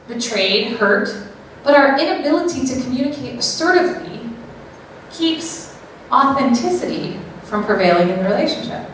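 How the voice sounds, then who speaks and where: A woman giving a live talk to an audience, animated, acting out little quoted voices and often checking in with the crowd. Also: fairly high pitch. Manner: animated, acts out quoted voices, keeps asking "right?". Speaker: speaker at an event. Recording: very echoey room, mic far off, faint noise.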